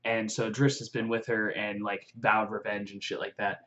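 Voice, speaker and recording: A young man excitedly recapping a fantasy novel in a rambling vlog, full of fillers and swearing. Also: on the low side, normal speed. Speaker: vlogger. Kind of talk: casual book recap. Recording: dull lo-fi audio.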